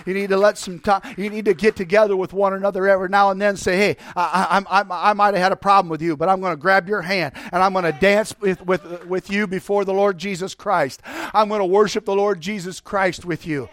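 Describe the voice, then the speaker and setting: A man's voice: high-pitched, fairly even intonation, fairly quick, fairly bright tone, dry recording. A man preaching fervently to his church, exhorting the congregation and breaking into song. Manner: preaching with urgent repetition. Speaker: pastor. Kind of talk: sermon. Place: church sanctuary.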